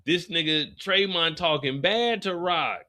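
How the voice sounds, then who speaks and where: A man hosting a casual TV after-show recap, animated and slangy, acting out the scenes. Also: on the high side, unhurried. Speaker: YouTube after-show host.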